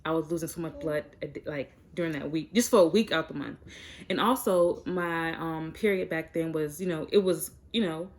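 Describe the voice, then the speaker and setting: A woman's voice: sits low, moderate pace, a little hiss or hum. A young woman talking frankly and chattily to her viewers in a casual vlog, with plenty of fillers. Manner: chatty and direct, many fillers. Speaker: vlogger. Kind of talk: frank casual chat to camera.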